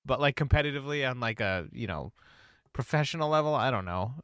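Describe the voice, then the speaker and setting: A man's voice: mid-range voice, animated, brisk, fairly bright tone, smooth, no room sound. A man co-hosting a podcast in casual chat, rambling and hesitant, laughing easily. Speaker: podcast co-host.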